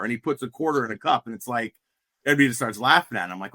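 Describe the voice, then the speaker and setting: A middle-aged former player from Pennsylvania's coal region tells stories as a guest, casually, with many fillers and restarts. His medium-pitched voice is expressive, rapid-fire and sharp, recorded with studio quality and no echo.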